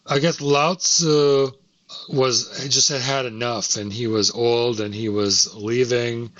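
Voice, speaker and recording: A man's voice: medium pitch, fairly bright tone, dry recording, dull audio. A man co-hosting a podcast, explaining history at length in a casual, talkative way. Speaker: podcast co-host. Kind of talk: casual chat.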